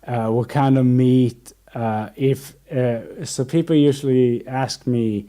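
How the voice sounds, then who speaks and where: A young man chatting casually as a podcast host, with a mellow, dark-toned voice. He rambles through stories, restarts his sentences often and acts out what people said to him. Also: mid-range voice, slow, few pauses. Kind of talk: casual chat.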